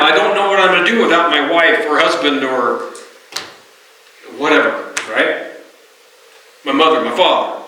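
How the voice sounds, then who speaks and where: A middle-aged man preaching from a church pulpit, chatty and direct with his congregation. His voice is very bright and sits a little high. He is caught from some distance in a strongly echoing sanctuary. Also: moderate pace, pauses often, a little hiss or hum. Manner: conversational, often asks the congregation "right?". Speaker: pastor. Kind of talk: sermon. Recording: roomy hall, distant mic.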